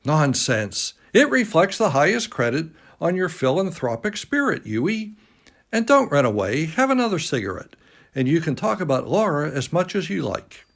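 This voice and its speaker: A man's voice: fairly high pitch, sing-song, moderate pace, creaky, fairly bright tone, pitched above the performer's own voice, full character voice. A man voicing a jovial male painter friend who teases in a hearty, upper-class way. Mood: cheerful.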